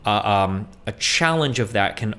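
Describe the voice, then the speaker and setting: Male host, lowish pitch, relaxed, thinking-aloud chat. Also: measured pace, a little hiss or hum. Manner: thinking aloud, loose with fillers. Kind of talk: casual discussion.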